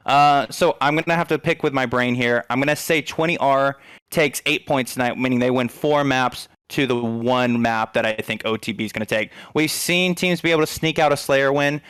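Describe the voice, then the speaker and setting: A man's voice: mid-range voice, fairly bright tone, clean tone, no echo. A man casting an esports league broadcast, chatty and upbeat, talking straight to the viewers in chat. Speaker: esports caster. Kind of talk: casual esports broadcast commentary.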